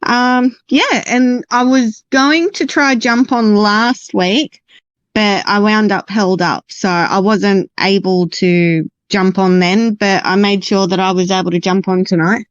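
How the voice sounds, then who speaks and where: An Australian woman from around Sydney chats in an unhurried, easy way, filling her pauses with "um" and "like". Her voice comes through dull and lo-fi over voice chat, dry with no room echo. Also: medium pitch, fairly even intonation, clear, resonant tone. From Sydney area, Australia. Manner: chatty, lots of um and like. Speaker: guest player. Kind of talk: casual chat.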